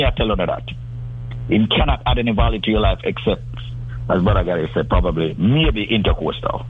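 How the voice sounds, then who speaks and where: This is a man making a persuasive, salesman-like pitch on the radio. His voice sits a little low and comes through a tinny phone line, with faint noise in the background. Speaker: guest.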